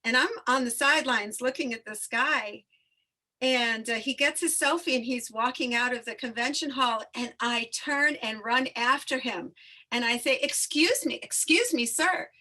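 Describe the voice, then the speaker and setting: High bright-voiced lady hosting a spiritual chat, animated emotional storyteller. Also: normal speed. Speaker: host. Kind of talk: casual spiritual conversation, personal storytelling.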